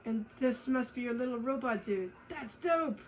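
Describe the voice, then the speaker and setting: A woman's voice: on the high side, animated, normal speed, a little hiss or hum, close to an everyday voice. A woman voicing a brash, cocky young male TV host with a breezy, slangy delivery as she reads game dialogue aloud.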